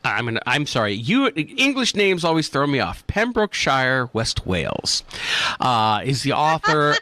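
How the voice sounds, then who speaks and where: A man's voice: medium pitch, unhurried, no room sound. An American man co-hosting a radio show, joking and self-mocking in casual banter. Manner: jokey, self-mocking, lively. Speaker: co-host.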